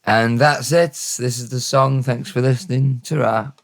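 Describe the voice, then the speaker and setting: A man with a Welsh accent giving a casual spoken language lesson, unhurried and thinking aloud, often correcting himself. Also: medium pitch, fairly even intonation.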